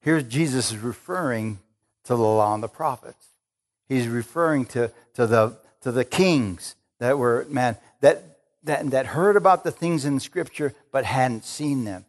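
A man's voice: medium pitch, measured pace. A middle-aged male pastor preaching a sermon, emphatic and conversational, often asking the congregation for an amen. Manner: emphatic, calls for amens, acts out Jesus with excitement.

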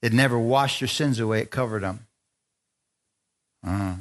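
A man preaching a sermon to a congregation, lively, laughing often and asking for amens as he retells scripture stories. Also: normal speed. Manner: animated, asks the congregation for amens; laughs often, acts out quotes in a higher voice. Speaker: pastor.

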